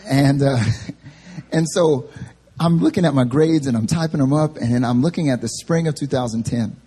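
A young adult male pastor preaching a sermon at a church service, telling a funny story about himself in an animated way. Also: medium pitch, normal speed, breathy edge. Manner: animated, self-deprecating storytelling. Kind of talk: sermon with humorous personal story.

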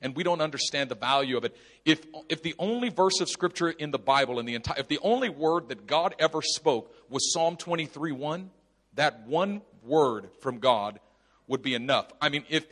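A man preaching a sermon at a retreat, reading scripture slowly and building to emphatic, rising exhortation. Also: a little high, expressive, fairly bright tone, in a large hall.

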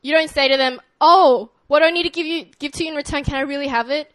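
A woman's voice: high-pitched, fast talker, dry recording. A young woman from Australia with an Australian accent, preaching as a guest pastor in a friendly manner with frequent ums and light laughter. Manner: friendly, laughs often, fillers like um and uh. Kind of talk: sermon.

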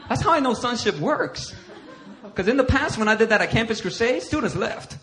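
A middle-aged male pastor preaching a sermon. He tells stories against himself in an animated way and acts out what other people said. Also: extremely high pitch, fairly quick. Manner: animated self-deprecating storytelling, acting out others' lines. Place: church sanctuary.

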